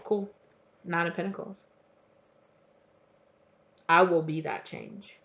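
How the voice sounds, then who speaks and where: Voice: medium pitch, steady tone, slow pace, vocal fry, muffled recording, noisy background. A tarot reader giving a casual, heartfelt reading that rambles along with many fillers and some swearing.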